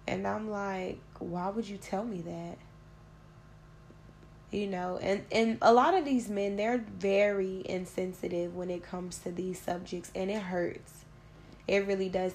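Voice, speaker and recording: A woman's voice: mid-range voice, vocal fry, a little mellow, a little hiss or hum. A young woman hosting a podcast, recounting a personal story in a blunt, profane, conversational way. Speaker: podcast host.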